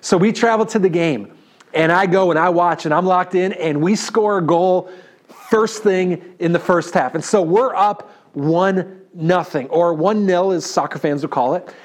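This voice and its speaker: A man in his thirties with a New York accent, preaching a sermon and telling a story in an animated way, often checking in with the congregation. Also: sits high, moderate pace. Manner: animated, talks to the audience with "right?". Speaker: pastor.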